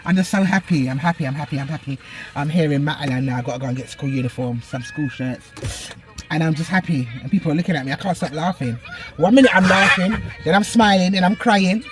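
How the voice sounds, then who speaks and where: A woman, preaching encouragement in an impassioned vlog. She talks emphatically and excitably, repeating her words as she records on a phone while out and about. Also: sits low, fast talker, music in the background. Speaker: online preacher. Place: out and about, in a shop and a car.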